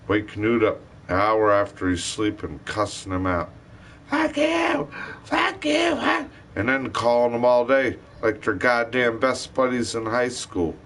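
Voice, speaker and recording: A man's voice: lowish voice, steady tone, moderate pace, hardly any pauses, a bit bright, slight background noise. A man ranting bitterly to his live stream, full of cursing and rambling complaints.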